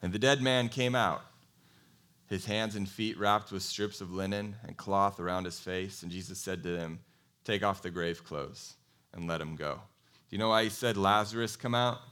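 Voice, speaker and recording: A man preaching a sermon in a conversational, animated way, telling a Bible story and asking his congregation questions. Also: deep voice, normal speed. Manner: animated storytelling, acts out quoted voices. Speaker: pastor.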